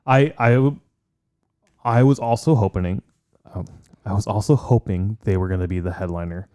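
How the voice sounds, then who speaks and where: A man's voice: on the low side, moderate pace, warm tone. A man co-hosting a podcast in casual chat, enthusiastic and swearing freely. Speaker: podcast co-host.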